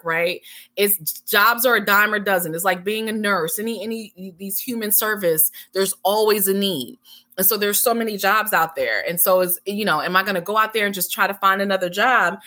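A woman in her forties tells her own story as an interview guest, her voice bright and ringing. She talks candidly and animatedly, jumping her pitch up to act out what was said to her. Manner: animated, acts out past dialogue with big pitch jumps. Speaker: interview guest, healing center founder.

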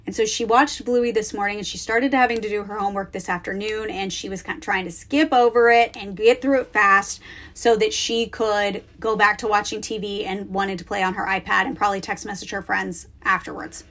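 A woman in her thirties hosting a podcast, talking casually from a closet at home in a chatty, animated way with lots of fillers. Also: mid-range voice, fairly quick. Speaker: podcast host. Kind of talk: casual solo podcast talk.

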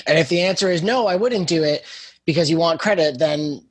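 A man's voice: a little high, fairly quick, no echo. A man from Canada co-hosting a podcast, chatting casually and joking about himself, often restarting his sentences. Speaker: podcast co-host.

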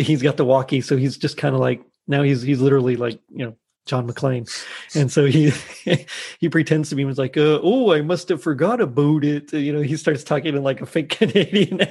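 Gravelly man recapping a show. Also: medium pitch, a little mellow. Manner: laughs often while retelling scenes. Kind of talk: casual chat recapping a TV episode.

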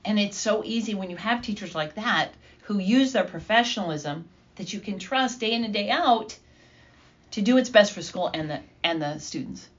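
An older woman, a veteran school administrator co-hosting a school podcast, speaking in a measured, encouraging way. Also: medium pitch, expressive, lo-fi sound. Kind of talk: casual chat.

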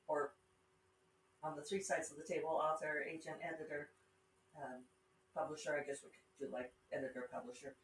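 A low-voiced middle-aged woman, a podcast host and self-published author with a Rocky Mountain accent, rambles chattily with wry asides and frequent digressions. Slight background noise and faint ambience accompany the roomy, distant sound.

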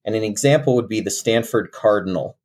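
Chatty lower-voiced male sports podcaster. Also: a little fast, a little mellow. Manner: enthusiastic, chatty, laughs often. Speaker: co-host and college football segment host. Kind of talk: casual podcast chat.

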